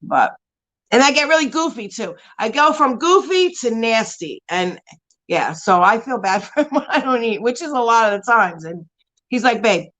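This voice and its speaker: Woman, beauty live-stream host, rambling casual chat, lots of fillers, laughs often, slightly high pitch. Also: animated, normal speed, a bit bright, rough recording. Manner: rambling and chatty, full of "like" and restarts; laughs often while talking.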